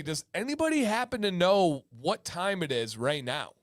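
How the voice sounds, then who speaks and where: A man's voice: sits high, sing-song, normal speed, a bit bright, dry recording, studio quality. A man hosting a livestream giveaway, playfully hyping up viewers, reading chat names aloud and breaking into sing-song chants. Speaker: livestream host.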